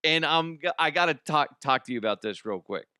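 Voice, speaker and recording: A man's voice: on the high side, expressive, brisk, sharp tone, clear, resonant tone, no room sound, clean studio sound. A man hosting a comic news podcast, rambling and joking with frequent laughs. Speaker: podcast host.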